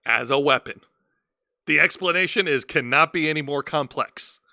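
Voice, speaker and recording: A man's voice: on the high side, moderate pace, vocal fry, sharp tone, no echo, studio quality. A man hosting a casual wrestling review chat, explaining events and often stumbling into restarts. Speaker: podcast host.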